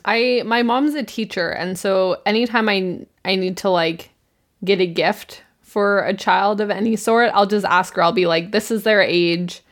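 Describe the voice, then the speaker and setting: A woman in her twenties talks at an ordinary, middle pitch in a relaxed podcast chat. She recaps a show with dry, wry remarks and laughs easily along the way. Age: 20s. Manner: chatty, wry, quick to laugh. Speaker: podcast co-host.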